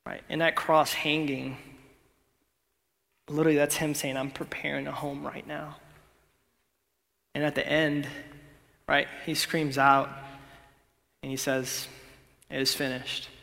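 A young man preaching a sermon in a laid-back, conversational way, sometimes dropping to a hush for emphasis. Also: fairly high pitch, flat delivery, unhurried, gravelly, long pauses. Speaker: pastor. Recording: long hall reverb.

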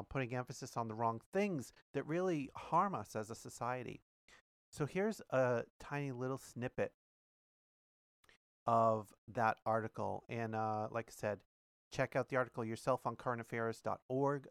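A man's voice: mid-range voice, vocal fry, clean tone, no room sound. A man hosting a podcast, talking casually with many fillers and reading a passage aloud. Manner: chatty, many fillers and restarts. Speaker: podcast host.

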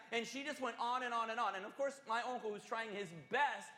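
A male pastor preaching a sermon, telling a story in an animated, conversational and earnest way. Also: very high-pitched, brisk, hardly any pauses. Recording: echoey hall.

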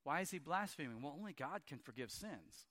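Male preacher, bright tone, storytelling sermon delivery. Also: fairly high pitch, expressive, a little fast. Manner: storytelling retelling of scripture, acting out quoted lines. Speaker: pastor.

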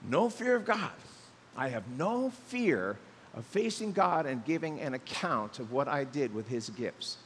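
A middle-aged male pastor preaching a sermon in a lively way, acting out the voices he quotes. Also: medium pitch, unhurried, big-room sound, a little hiss or hum.

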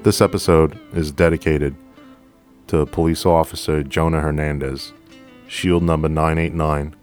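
A man hosting a podcast, a police officer telling a story from the job in a profane, animated way, acting out both sides of the dialogue. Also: extremely low pitch, a little slow, soft background music. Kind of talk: storytelling monologue.

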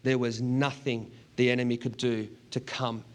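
A man's voice: mid-range voice, little pitch movement, moderate pace. Earnest man preaching. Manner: earnest, laughs often while telling a story. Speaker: pastor. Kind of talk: sermon storytelling.

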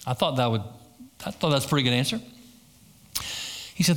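Pastor preaching a storytelling sermon. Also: male voice, medium pitch, a little fast, pauses often. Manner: storytelling with acted-out quotes and repetition.

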